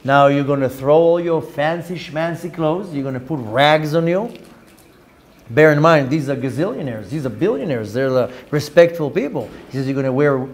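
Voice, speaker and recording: A man, a rabbi, telling a story in a lively lecture, acting out the dialogue and mixing in Hebrew and Yiddish words. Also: fairly high pitch, moderate pace.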